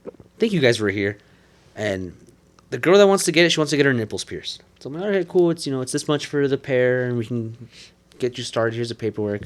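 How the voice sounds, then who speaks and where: A man's voice: mid-range voice, quick pace. A man, a body piercer, casually telling crude shop stories with lots of swearing and laughter. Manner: profane, laughing, animated storytelling. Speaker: piercer and podcast host. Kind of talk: casual storytelling chat.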